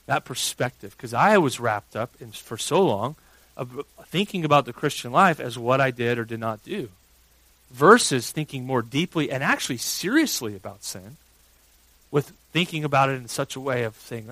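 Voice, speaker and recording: Animated pastor preaching, dry sound. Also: male voice, medium pitch, normal speed, dry recording, low-quality recording. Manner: animated storytelling, swings from hushed to loud. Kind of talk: sermon.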